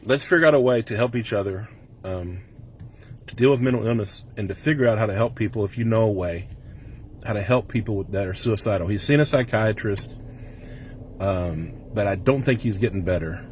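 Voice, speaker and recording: A man's voice: lowish voice, brisk, a little hiss or hum. Earnest middle-aged man holding back tears. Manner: earnest, rambling, on the verge of tears. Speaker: vlogger. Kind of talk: personal emotional vlog. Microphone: camera mic.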